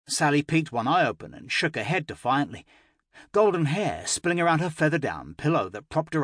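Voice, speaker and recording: A man narrating a first-person fantasy audiobook with expressive, emotional delivery. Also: fairly high pitch, brisk, slightly rough, dry recording, clean studio sound.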